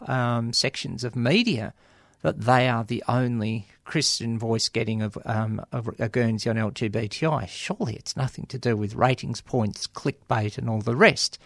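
An Australian man hosts a community radio show from a studio, his mid-range voice gravelly with touches of vocal fry. In a chatty, wry, casual monologue he rambles through plenty of ums, asides and dry jokes. The studio microphone gives a close, dry sound with no room around the voice.

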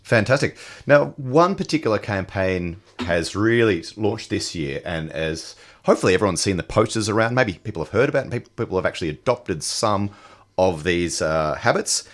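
A man's voice: on the low side, lively intonation, moderate pace. Chatty Australian man hosting radio. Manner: chatty, laughs easily, many fillers. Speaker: radio show host. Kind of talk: casual community radio chat.

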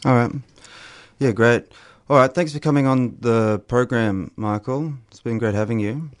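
Radio co-host guy, quick and upbeat, normal pitch. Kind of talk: radio presenting.

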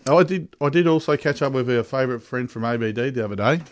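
Man, Australian accent, radio co-host, laughing, self-mocking, mid pitch. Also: fast. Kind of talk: live radio banter.

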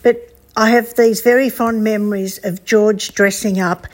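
An older woman with an Australian accent giving a spoken memorial tribute, telling stories warmly with a few hesitations. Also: mid-range voice, fairly even intonation, unhurried. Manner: warm storytelling with hesitations.

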